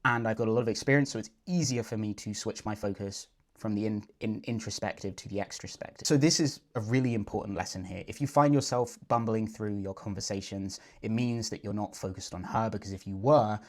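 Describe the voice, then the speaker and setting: A man's voice: lowish voice, fairly quick. A man working as a dating coach, talking through his advice in an earnest, explanatory, conversational way. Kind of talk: coaching breakdown voice-over.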